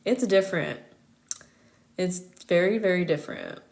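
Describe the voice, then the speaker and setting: With a lowish, gravelly, darkish voice that swings wildly in pitch, this young American astrology streamer talks at normal speed. Her casual live chat is giggly and packed with fillers.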